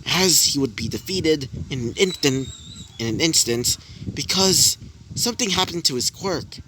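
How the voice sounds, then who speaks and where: A man's voice: a little high, lively intonation, moderate pace, bright, forceful tone. A young man improvising a fan-fiction story aloud, rambling with lots of fillers and repeated phrasing. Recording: noisy home recording.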